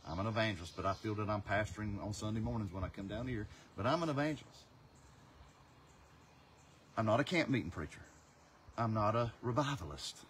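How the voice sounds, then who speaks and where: A man from North Carolina, preaching a passionate sermon as an evangelist. His delivery swings between loud, urgent stretches and hushed ones. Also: fairly low pitch, a little hiss or hum. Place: outdoors.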